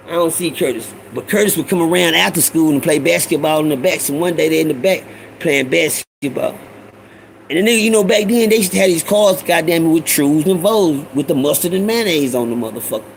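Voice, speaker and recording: A middle-aged man spins street stories straight to his listeners in a high, gravelly voice. He talks loose and profane, and a faint ambient hiss sits under his voice. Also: poor audio. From Houston, Texas. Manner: animated, profane street slang, addresses listeners as y'all. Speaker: storyteller host. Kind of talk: casual storytelling monologue.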